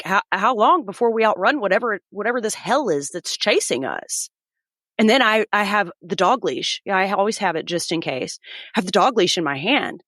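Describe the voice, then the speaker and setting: A woman in her thirties tells her story as a podcast guest, her voice at a middle pitch. She acts out what everyone said as she goes. The sound is dry and close. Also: a bit bright, no room sound. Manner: vivid storyteller acting out voices. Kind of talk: personal story in an interview.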